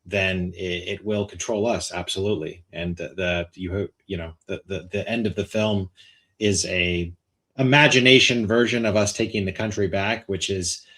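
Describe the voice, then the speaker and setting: A man hosting a live conversation, talking eagerly about his film, pausing often with fillers. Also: low-pitched, steady tone, pushed and bright. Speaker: host and filmmaker.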